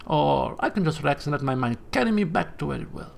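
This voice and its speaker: A man voicing a weary, dryly evasive female trucker in a put-on Spanish accent, drawling low and unhurried. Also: big pitch swings, creaky, slight background noise, heavily acted. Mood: relaxed.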